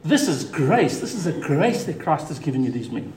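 A man preaching a sermon as pastor, emphatic, repeating key words and dropping to a quiet voice for stress. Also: on the high side, big pitch swings, normal speed, echoey room, a little hiss or hum.

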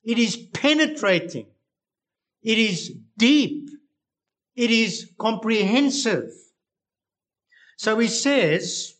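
A man preaching a sermon, reading scripture and explaining it with slow, deliberate emphasis. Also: high voice, lively intonation, a bit bright.

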